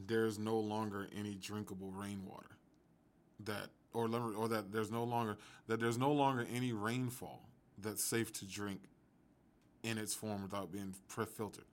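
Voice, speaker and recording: Curious low-voiced male interviewer. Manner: curious, rephrases questions while thinking aloud. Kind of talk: conversational interview questions.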